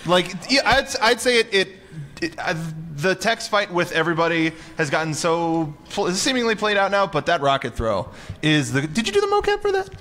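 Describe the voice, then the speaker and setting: A man's voice: on the high side, expressive, moderate pace, sharp tone. Enthusiastic man on a panel. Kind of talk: panel chat. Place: convention panel room. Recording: stream of a live panel, background noise.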